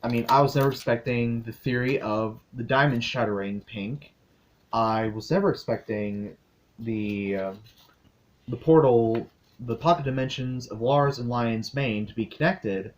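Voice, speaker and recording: A young man talking through a cartoon episode for his viewers in a casual video review. He recaps in a chatty, quick way and drops little asides along the way. His voice sits in the middle range. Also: medium pitch.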